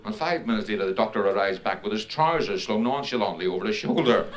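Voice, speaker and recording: A man from Northern Ireland doing live stand-up, telling jokes in a brisk way and laughing between punchlines. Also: lowish voice, animated, a crowd in the background. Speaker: stand-up comedian.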